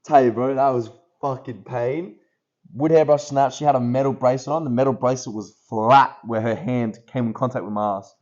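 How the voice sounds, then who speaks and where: A brash young Australian man talks in a casual podcast chat, swearing freely and calling his friend bro. His voice sits at a middling pitch, and the recording sounds dull and lo-fi. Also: steady tone, fairly quick, darkish tone. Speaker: podcast co-host.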